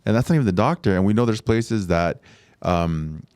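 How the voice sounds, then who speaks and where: A man with a low, smooth voice co-hosting a dental podcast. He speaks frankly and earnestly in casual chat. The sound is dry and close-miked. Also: lively intonation, moderate pace, a little mellow, no echo. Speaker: podcast co-host at a dental clinic.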